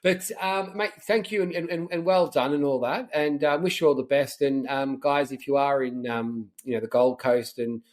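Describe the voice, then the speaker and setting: A young Australian man hosting a podcast interview, chatty and relaxed, calling his guest mate and filling pauses with um. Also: mid-range voice. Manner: chatty, says mate a lot, many fillers. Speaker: podcast host. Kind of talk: casual interview chat.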